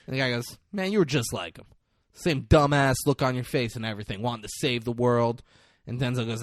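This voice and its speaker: A man co-hosting a podcast in casual chat, retelling a film scene with lots of swearing and quick acted-out lines. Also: mid-range voice, no echo, studio quality. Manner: animated, profane, acts out film lines in quick voices. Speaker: podcast co-host.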